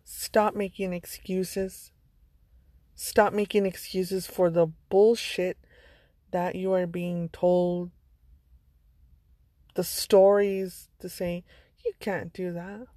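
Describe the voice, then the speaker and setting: A woman's voice: lowish voice, little pitch movement, drawn-out words, pauses often, mellow, dry recording. A woman vlogger giving a motivational monologue, earnest and blunt, with some swearing. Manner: earnest, blunt, sprinkled with profanity.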